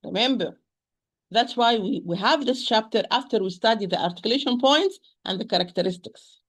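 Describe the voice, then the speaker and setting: Slightly high-voiced woman teaching recitation. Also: lively intonation. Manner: halting, repeats words, models pronunciations aloud; stresses rules with emphatic repetition. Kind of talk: recitation lesson.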